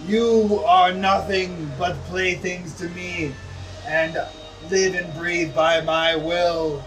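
A man voicing an ancient vampire lord who speaks slowly with cold, possessive menace, recorded from a distance with faint music. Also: high-pitched, flat delivery, fairly bright tone. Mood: menacing. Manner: slow, measured, threatening.

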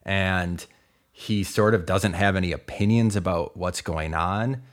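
A man with a very low voice talks through a film on a podcast. He is emphatic and incredulous, slowing down to hammer his points home. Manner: emphatic, incredulous, deliberate stresses. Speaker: podcast co-host. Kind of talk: casual movie discussion.

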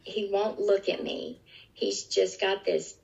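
A woman's voice: medium pitch, little pitch movement, slow, gravelly, darkish tone. A middle-aged woman recounting a personal experience in an interview, earnest and vivid, often restarting her sentences. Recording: dull lo-fi recording.

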